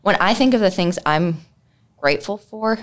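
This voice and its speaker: A woman co-hosting a podcast, with a somewhat low voice. She talks casually and earnestly, thinking her points through with plenty of "like"s. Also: lively intonation, normal speed. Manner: earnest, reflective, many "like"s. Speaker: podcast co-host, mental health clinician. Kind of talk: casual chat.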